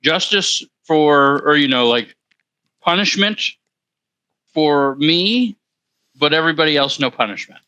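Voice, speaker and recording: A man co-hosting a podcast, making drawn-out, laid-back remarks in casual chat. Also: fairly high pitch, expressive, bright, forceful tone, clean tone, low-quality recording. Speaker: podcast co-host.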